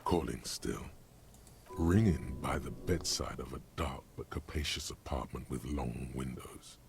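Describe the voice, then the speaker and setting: A man voicing a brooding game narrator, speaking in slow, ominous second person with a deep, gravelly voice. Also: exaggerated voice. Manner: slow, ominous, dramatic pacing. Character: brooding omniscient male narrator voice.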